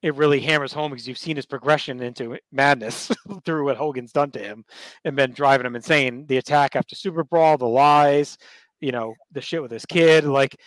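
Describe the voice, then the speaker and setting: A man co-hosting a podcast, giving relaxed, conversational commentary with fillers. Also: mid-range voice, normal speed, no echo. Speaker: podcast co-host. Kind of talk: casual chat.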